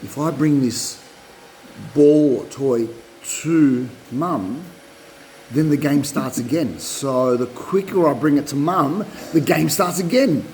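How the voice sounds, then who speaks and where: A man's voice: a little high, takes it slowly, a little mellow, a little hiss or hum, poor audio. A man voicing an eager dog's thoughts. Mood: figuring out. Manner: musing, working it out aloud. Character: eager dog working out the game.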